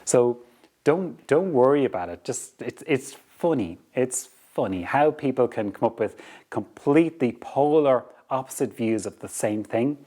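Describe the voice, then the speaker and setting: A male podcast host talking through motivational advice. His mid-pitched voice rises and falls widely as he goes, and he often doubles words as he restarts a phrase. Between points he slips in light chuckles. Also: unhurried. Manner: animated, repeats words when restarting, laughs lightly. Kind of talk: motivational talk.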